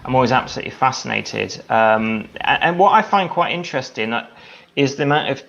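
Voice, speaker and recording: A man's voice: mid-range voice, a little fast, creaky, a bit bright, dull audio. A man from England hosting a paranormal radio show, chatting casually with a guest and often repeating words as he talks. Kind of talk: casual interview chat.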